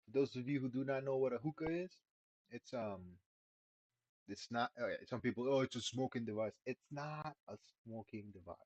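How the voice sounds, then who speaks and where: A man's voice: mid-range voice, normal speed, darkish tone, no echo. Laid-back profane man streaming a game. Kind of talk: casual live gameplay commentary. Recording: dull lo-fi stream mic.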